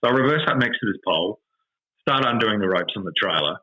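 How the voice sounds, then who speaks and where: An Australian man hosting a podcast, telling a story in an animated, exasperated rant with lots of swearing. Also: on the low side, quick pace, highs cut off. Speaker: podcast host. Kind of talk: casual storytelling chat.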